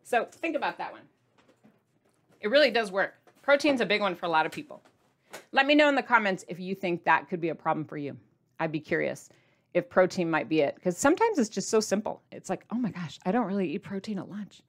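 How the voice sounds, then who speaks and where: A woman talking straight to her viewers in a casual vlog, chatty and playful, with sudden jumps in pitch for emphasis. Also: sing-song, fairly quick. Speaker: diet vlogger addressing viewers.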